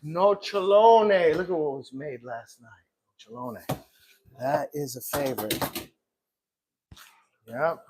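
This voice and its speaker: A man with a fairly high voice talks slowly and casually to himself while he sets out gelato in his shop, clearing his throat now and then. Clicks and steady work noise sit clearly behind him. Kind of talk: casual live-stream chat while working.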